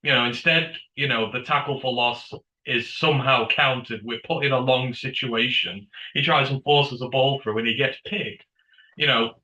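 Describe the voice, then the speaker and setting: A man's voice: mid-range voice, sharp tone, roomy sound, lo-fi sound. A man co-hosting a casual fan review show, talking bluntly and swearing when frustrated. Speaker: podcast co-host.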